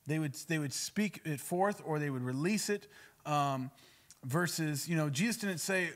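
A man's voice: a little high, normal speed. A man, a pastor, teaching in an emphatic, conversational way on a podcast. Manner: emphatic, acts out spoken prayers.

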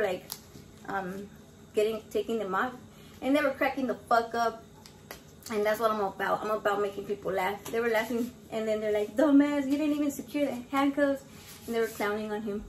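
Brash, foul-mouthed woman with a high voice. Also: slight background noise. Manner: brash, swears constantly, mixes in Spanish words. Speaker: home cook vlogger. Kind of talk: casual cooking vlog. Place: home kitchen.

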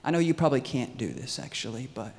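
A humble condemned man asks softly and haltingly for mercy, as a preacher voices him. The quiet voice hangs in the long reverb of a large hall. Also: medium pitch, sing-song, gravelly. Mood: pleading. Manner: quiet, hesitant, pleading. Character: humble repentant male criminal on a cross.

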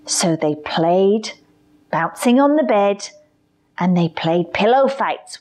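A librarian reading a storybook aloud to children, expressive and clear. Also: female voice, mid-range voice, slow pace.

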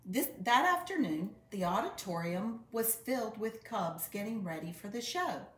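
A woman reading a children's picture book aloud with expressive, unhurried storytelling. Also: mid-range voice. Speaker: storybook reader. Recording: roomy echo.

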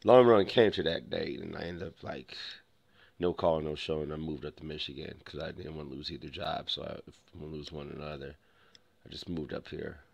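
A man's voice: rumbling low, steady tone, brisk, gravelly, no echo. A young man vlogging, telling a rambling personal story full of restarts and acted-out dialogue. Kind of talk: casual storytelling to camera.

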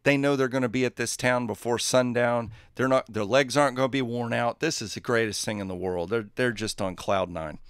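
A man hosting a livestream, telling a joke and chatting casually in a relaxed, rambling way. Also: medium pitch, fairly quick, hardly any pauses, smooth, dry recording, clean studio sound. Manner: relaxed, rambling, chuckling asides. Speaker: livestream host.

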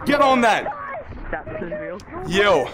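High-voiced hyped young livestreamer man. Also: sing-song, very slow, a crowd in the background. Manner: hyped, shouting and laughing while playing. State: out of breath. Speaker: gaming livestreamer. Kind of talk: excited livestream commentary.

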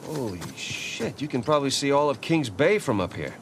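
A wisecracking ex-convict brother. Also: male voice, medium pitch, moderate pace, gravelly. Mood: wistful. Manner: wisecracking, tells jokes. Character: brother character, male adult ex-convict, joking. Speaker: game character. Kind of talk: video game voice acting. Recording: game audio with steady noise.

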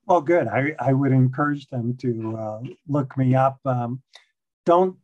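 A man from Chicago giving a casual presentation over a video call as a guest speaker, relaxed and joking at his own expense. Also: medium pitch, unhurried, highs cut off. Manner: relaxed, joking, self-deprecating.

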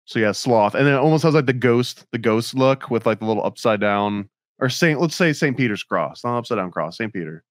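A man's voice: medium pitch, expressive, fairly quick, dry recording. A man hosting a podcast in a loose, easygoing way, laughing often and talking with plenty of fillers. His voice sits in a middle range. The sound is close and dry, with no room around it. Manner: laid-back, laughs often, lots of fillers. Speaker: podcast host. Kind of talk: casual podcast chat.

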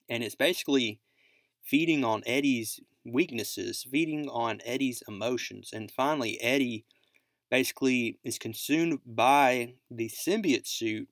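A man recaps a comic issue in a loose, rambling way, tossing in "basically" and "like" as he goes. His voice sits at an ordinary middle pitch. The sound is dry and close, with no room echo. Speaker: comic book recap host. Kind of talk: casual comic book recap narration.

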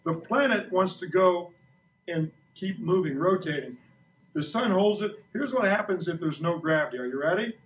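60s guy teaching kids science, jokey, asks lots of questions, kinda high voice, echoey room from far off. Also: expressive, normal speed, a bit bright. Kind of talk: classroom science demo. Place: school classroom. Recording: echoey classroom recorded from a distance.

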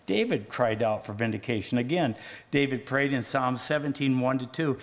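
A man preaching a sermon as pastor, reading scripture with rising fervor and dropping low and soft on solemn points. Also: moderate pace. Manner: rises in pitch and volume when reading scripture aloud.

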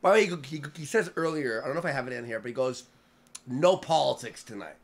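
A man's voice: medium pitch, racing. A man co-hosting a podcast, giving mocking comedic commentary on a stream clip and laughing often. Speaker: podcast co-host.

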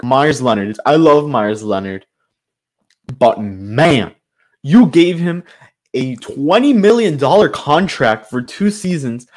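Man ranting about his team. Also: fairly high pitch. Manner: frustrated, ranting, loosely improvised with fillers. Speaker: sports channel host. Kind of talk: solo sports commentary rant.

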